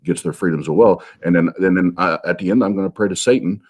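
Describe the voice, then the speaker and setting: Deep-voiced halting middle-aged man. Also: darkish tone, slightly rough. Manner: halting, many restarts and fillers. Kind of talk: casual chat.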